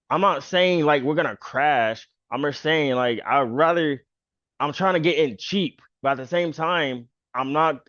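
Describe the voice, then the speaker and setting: A man's voice: medium pitch, fairly bright tone, no echo. Guy walking thru stock charts, chill and rambly, kinda muffled dry audio. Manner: loose, filler-heavy talk with "pretty much" and "bro". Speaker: stock trader and channel host. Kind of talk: casual chart walkthrough.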